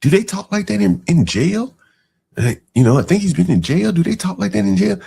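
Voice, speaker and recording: A man's voice: sing-song, a little fast, dark tone. A man hosting a podcast, giving casual, mocking commentary on clips, with incredulous asides and frequent fillers. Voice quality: deep gravelly voice. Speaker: podcast host reacting to clips.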